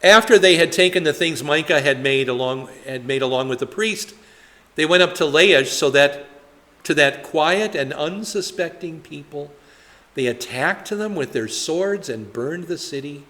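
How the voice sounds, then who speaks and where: A man's voice: a little high, lively intonation, measured pace, bright, forceful tone, in a large hall. A male pastor leading a conversational Bible study, talking in a chatty way with many fillers and rhetorical questions.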